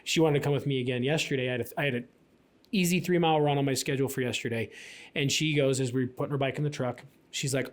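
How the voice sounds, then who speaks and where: A man's voice: medium pitch, steady tone, fast talker. A man in his thirties, co-hosting a podcast, telling a personal story in a chatty way full of fillers. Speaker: podcast co-host. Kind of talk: casual podcast conversation.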